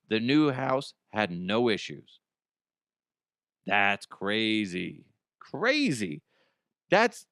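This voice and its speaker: A man's voice: mid-range voice, dry recording, studio quality. A man hosting a comedy podcast, reading out listener ghost stories and riffing on them with frequent laughter and swearing. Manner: excitable, laughs often, swears freely. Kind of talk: comic commentary on listener stories.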